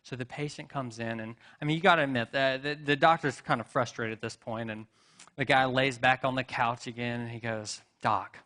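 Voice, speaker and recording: A man's voice: mid-range voice, fairly even intonation, brisk, pushed and bright. A man preaching a sermon in a church, telling stories in a conversational way with asides and rhetorical questions. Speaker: pastor. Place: church sanctuary.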